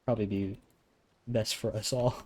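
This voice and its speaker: A man streaming a game from home, chatting in a soft-spoken, chill, self-deprecating way. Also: lowish voice, fairly even intonation, normal speed. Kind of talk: casual chat while gaming. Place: home room with rain on the ceiling.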